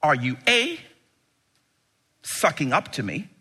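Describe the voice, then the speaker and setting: Man doing a probing wise teacher, slow, husky, bright. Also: a little high, huge pitch swings, heavily acted.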